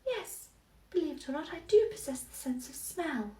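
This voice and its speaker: A woman playing a dry, unflappable coworker, speaking quietly and deadpan. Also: high-pitched, normal speed, recorded from a distance. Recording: roomy echo, faint noise.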